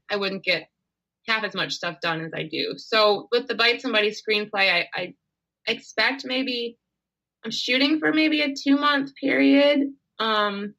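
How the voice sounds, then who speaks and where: A woman author chatting as an interview guest, often laughing and poking fun at herself in quick asides. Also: medium pitch, gravelly, pushed and bright, poor audio. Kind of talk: casual interview chat.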